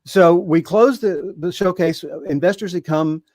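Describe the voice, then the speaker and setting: An older man in his seventies tells his story slowly and haltingly, full of ums and restarts. His voice sits a little high for a man, and it is recorded dry and close, with no room sound. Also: a little mellow, dry recording. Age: 70s. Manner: rambling, halting storyteller with many fillers. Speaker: guest. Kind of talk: casual storytelling.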